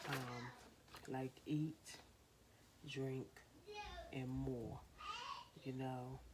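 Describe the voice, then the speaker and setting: Very low-voiced woman giving parenting advice. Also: very noisy. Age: 20s. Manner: earnest, repetitive, coaching other parents. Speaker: parenting vlogger. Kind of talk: casual how-to talk to camera.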